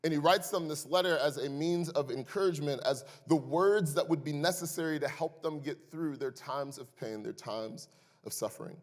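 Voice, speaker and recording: A young adult man, a pastor, preaching a sermon and telling personal stories with an animated delivery and wry jokes for the congregation. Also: on the high side, moderate pace. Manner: animated, building to loud emphasis in stories; wry, joking asides to the congregation. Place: church sanctuary. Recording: echoey church hall.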